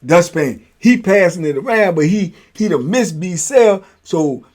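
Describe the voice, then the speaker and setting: A man tells a jailhouse story in a loose, animated style, dropping slang and checking in with "you know what I'm saying" again and again. His voice sits a little high for a man, and he breaks into laughs easily. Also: measured pace. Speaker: host telling prison stories. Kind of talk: casual storytelling.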